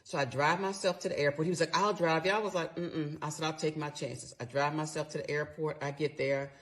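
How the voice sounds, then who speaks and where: A woman's voice: low voice, fairly even intonation, fairly quick. A middle-aged woman telling a personal story in a candid, conversational way, swearing freely as she replays her side of the argument.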